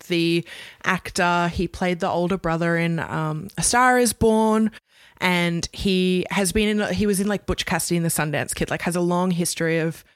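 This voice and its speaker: A woman's voice: lowish voice, no room sound, clean studio sound. A woman with an Australian accent co-hosting a casual pop culture podcast, talking in a chatty way with lots of fillers. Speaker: podcast co-host.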